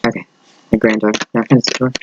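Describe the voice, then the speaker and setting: An older man, slightly hoarse, giving a rambling solo tarot reading and thinking aloud with many fillers. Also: lowish voice, little pitch movement, racing, muffled recording, slight background noise. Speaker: tarot reader.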